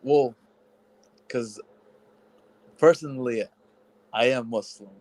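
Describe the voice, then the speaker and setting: A man's voice: medium pitch, slow, a little mellow, no room sound. A man calling in to a livestream who speaks hesitantly and pleads with the host. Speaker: caller. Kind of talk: call-in to a livestream.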